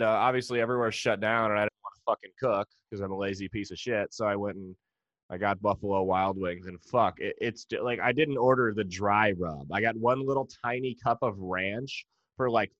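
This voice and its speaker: A man's voice: mid-range voice, fairly bright tone, dry recording. A man with an American accent, a stand-up comedian delivering a profane, sarcastic rant.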